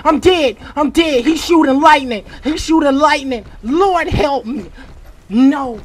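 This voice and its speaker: A gamer giving casual, slang-filled commentary on a horror game, panicking, repeating short exclamations and breaking into shouts. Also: sits high, measured pace, a little hiss or hum.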